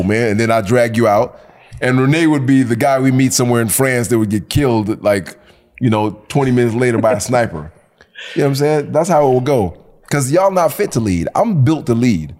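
A man's voice: medium pitch, a little mellow. A young man from Detroit co-hosting a casual podcast, playful and boastful as he teases his friends. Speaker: podcast co-host. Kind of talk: casual banter.

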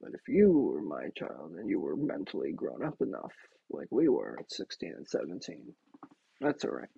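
A man's voice: low-pitched, huge pitch swings, normal speed, creaky, mellow, breathy edge, no echo, lo-fi sound. A man hosting a talk show, rambling casually with many fillers and restarts. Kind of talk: casual monologue.

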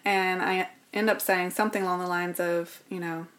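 A woman's voice: lowish voice, flat delivery, normal speed, few pauses, a bit bright. A woman, speaking as an interview guest and telling a personal story in an earnest, reflective way. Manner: earnest, reflective, drops to a whisper at painful moments.

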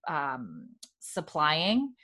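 A woman's voice: low-pitched, wildly swooping pitch, drawn-out words, bright, forceful tone. A woman hosting a casual chat, recapping a TV episode in a rambling way with many fillers.

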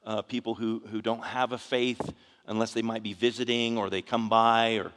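A man's voice: lowish voice, little pitch movement, normal speed, fairly bright tone. A man preaching a conversational sermon as a pastor, telling a story earnestly with frequent restarts. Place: church sanctuary. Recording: long hall reverb.

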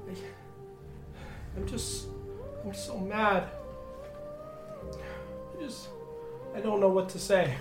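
Guy doing a sobbing young woman, high, choked up, echoey room. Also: slow pace, pauses often, music in the background. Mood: grief-stricken. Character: young woman sobbing over a fallen friend.

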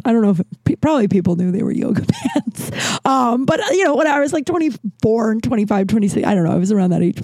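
A woman's voice: medium pitch, dark tone, no echo. A woman in her thirties hosting a podcast, telling a rambling casual story and often breaking into laughter. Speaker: podcast host.

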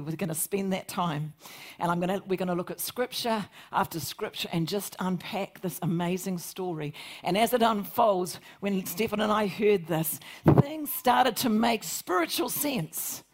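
A woman's voice: on the low side, moderate pace. A woman pastor preaching a fervent Sunday sermon, rising to emphatic peaks. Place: church service.

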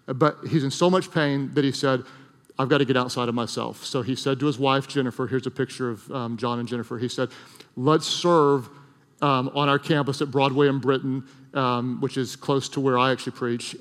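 A middle-aged man preaching a sermon in a large church, earnest, swelling to loud emphatic peaks and dropping to soft, hushed lines. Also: mid-range voice. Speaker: pastor. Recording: long hall reverb.

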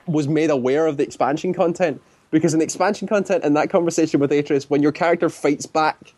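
A man chatting casually, retelling a story at length and often slipping into quick acted-out quotes. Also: a little high, darkish tone, no echo. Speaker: guest describing a video game. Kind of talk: casual chat.

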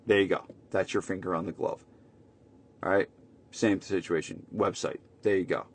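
A man with a somewhat low voice talks through a casual solo podcast episode as a marketing coach for gym owners. He drives his points home emphatically, repeats key lines and keeps checking in with quick tag questions. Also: darkish tone, slightly rough.

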